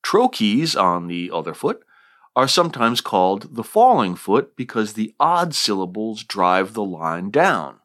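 Guy with a bright voice, bouncy intonation, dry jokes tucked in, podcast lecture read. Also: fairly low pitch, very animated, measured pace. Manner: wry asides, dry humor. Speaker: podcast host explaining poetry. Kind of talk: scripted educational podcast narration.

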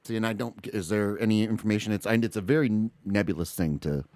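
A middle-aged man co-hosting a podcast in casual chat, rambling and animated, full of restarts and asides. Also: lowish voice, quick pace, no echo. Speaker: podcast co-host.

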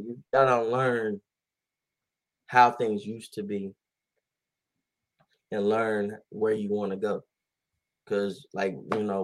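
A young man in his twenties co-hosting a podcast, telling stories in a laid-back, slangy way and laughing often. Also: medium pitch. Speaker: podcast co-host. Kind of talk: casual chat.

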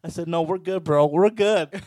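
Profane, animated storytelling man. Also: a little high, normal speed, no room sound. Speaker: podcast co-host telling a story. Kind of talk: casual storytelling chat.

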